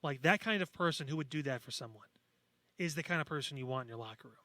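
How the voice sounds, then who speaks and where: A man's voice: a little high, fast, pushed and bright, dry recording. Blunt, profane man on a podcast. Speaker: podcast co-host. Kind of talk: casual chat.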